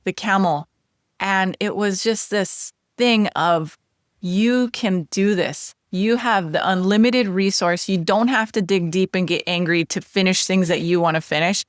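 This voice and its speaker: A woman hosting a podcast lesson, sharing a personal testimony in an earnest, animated way. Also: medium pitch, dry recording, studio quality. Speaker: podcast host teaching Hebrew letters.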